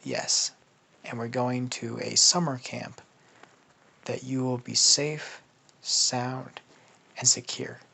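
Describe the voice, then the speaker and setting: A man voicing an awkward, irritable middle-aged god who is a dad, with a gruff, mumbled delivery that trails off quietly. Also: medium pitch, fairly even intonation, slow, pauses often, heavily acted. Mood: matter-of-fact.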